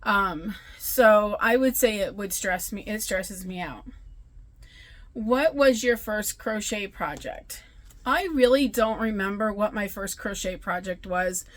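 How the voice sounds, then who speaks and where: A woman's voice: mid-range voice, slow pace. A woman vlogging about crochet in a casual, rambling chat, tired and often correcting herself. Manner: chatty, rambling, self-correcting. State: tired, yawning.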